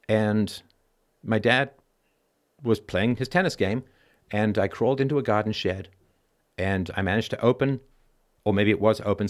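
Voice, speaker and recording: A middle-aged man hosting a call-in show, talking bluntly and emphatically, swearing freely and tagging "right?" onto his points. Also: on the low side. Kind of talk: conversational call-in monologue.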